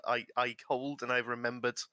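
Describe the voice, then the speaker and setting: A man spinning an anecdote in friendly panel banter. His voice is bright and forceful with a dry, close sound, and he stammers as he restarts phrases. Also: mid-range voice, little pitch movement, moderate pace, smooth, dry recording. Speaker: tabletop game player on a stream panel. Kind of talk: casual chat, telling an anecdote.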